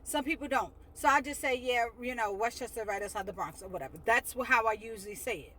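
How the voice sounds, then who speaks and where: A woman's voice: a little high, fast, fairly bright tone. A woman from New York with a New York accent, ranting bluntly to camera, swearing freely and sounding exasperated. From Westchester, New York. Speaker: vlogger. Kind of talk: casual rant to camera.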